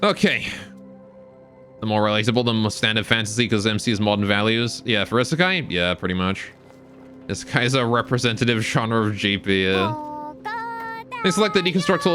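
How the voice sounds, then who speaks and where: A man's voice: lowish voice, a little fast, a bit bright, faint music behind. Sex: man. Role: live streamer. Style: gameplay commentary, cursing and muttering at the game, chatting with viewers. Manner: talks to viewers between game instructions.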